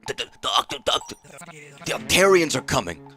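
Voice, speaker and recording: A man's voice: mid-range voice, sing-song, fairly quick, pushed and bright, faint music behind. A man reading out an old male veteran captain's lines from a video game, stumbling over the words. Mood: alarmed.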